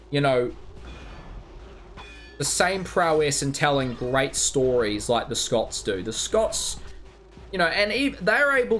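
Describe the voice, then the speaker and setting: A man's voice: a little high, a bit bright, a little hiss or hum. A man with a New Zealand accent, chatting casually while livestreaming a game, rambling and joking with crude banter. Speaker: game streamer.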